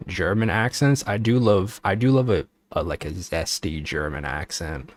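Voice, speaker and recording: A man's voice: low voice, moderate pace, no room sound. A man streaming and chatting casually, joking around, trailing off and repeating himself as he goes. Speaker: VTuber streamer. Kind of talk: casual livestream chat.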